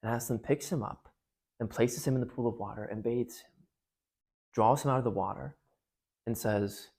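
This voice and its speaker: A man's voice: medium pitch, normal speed, vocal fry, long pauses, darkish tone, husky. A man giving a casual talk that retells and analyzes a book, speaking conversationally with frequent restarts. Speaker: parish speaker on literature.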